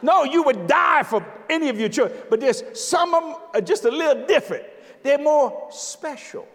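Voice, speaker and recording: An older man preaching a sermon, emphatic and joking, now and then breaking into shouts. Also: extremely high pitch, lively intonation, a little fast. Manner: emphatic, jokey preaching with sudden shouted lines. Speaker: visiting preacher. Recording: long hall reverb.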